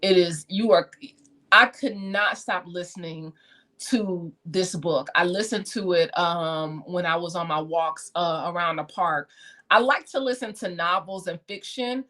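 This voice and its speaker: A woman hosting a casual livestream, talking about books she read in a chatty, animated way. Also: on the low side, a little slow. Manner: chatty, animated, laughs often. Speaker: host.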